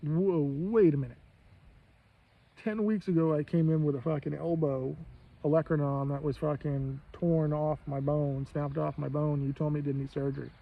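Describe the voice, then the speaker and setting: Man vlogger, gravelly and aggrieved, swearing through a rant on a muffled, low-fi recording. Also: steady tone, normal speed. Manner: profane, aggrieved, quotes others in his own voice. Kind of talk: angry personal rant. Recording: muffled low-fi audio with faint background noise.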